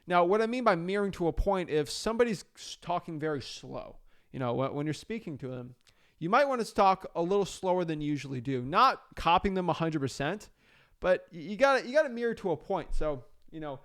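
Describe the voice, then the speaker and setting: A young man from South Florida giving a casual, energetic coaching talk with frequent fillers and restarts. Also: high-pitched, a little fast. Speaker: real estate wholesaling coach.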